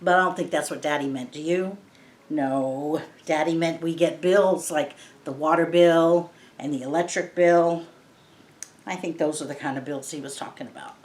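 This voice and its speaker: A woman's voice: low-pitched, steady tone, normal speed, a little mellow. A woman reading a picture book aloud to children, patiently explaining each word in simple terms. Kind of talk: read-aloud lesson for kids. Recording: roomy echo.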